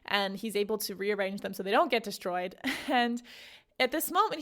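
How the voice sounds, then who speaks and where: A woman's voice: on the high side, normal speed, fairly bright tone. A young woman hosting a podcast, retelling a novel in a chatty, casual way full of fillers. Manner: chatty, lots of "like", storytelling. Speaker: podcast host. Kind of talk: casual book summary.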